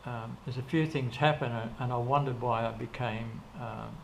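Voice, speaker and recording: A creaky, mid-range male voice with fairly even intonation and normal speed belongs to an older interview guest telling long, rambling stories. Restarts and quoted dialogue fill this casual storytelling, with faint background noise in the recording.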